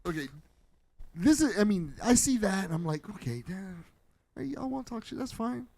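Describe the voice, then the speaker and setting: A man's voice: sits high, normal speed, gravelly, dry recording. A man, joking and mocking in a casual reaction chat as co-host. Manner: animated, mocking, bursts into shouting. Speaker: podcast co-host reacting to videos.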